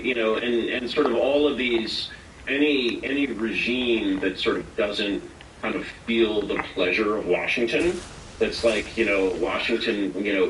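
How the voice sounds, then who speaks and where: A man's voice: fairly low pitch, a bit bright, roomy sound, far from the mic, a little hiss or hum, rough recording. A man speaking as an interview guest, rambling with many fillers and acting out quotes. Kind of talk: casual interview talk.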